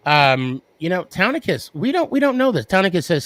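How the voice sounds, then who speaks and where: A man hosting a podcast in casual sports chat, talking in an excitable way and stammering through restarts as he gets fired up. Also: high voice, a little fast. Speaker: podcast host.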